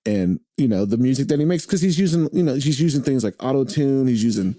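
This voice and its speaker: A man's voice: mid-range voice, lively intonation, fast, mellow, dry recording. A man in casual interview chat, talking in a rambling way with many fillers and restarts, recorded at the host's home. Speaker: podcast guest, drummer and radio host.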